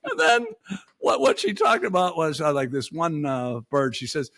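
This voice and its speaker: A man's voice: fairly high pitch, wildly swooping pitch, moderate pace, fairly bright tone, no room sound, studio quality. A man hosting a podcast, telling a crude, exasperated story in profane bar-talk style. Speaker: podcast host. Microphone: studio mic.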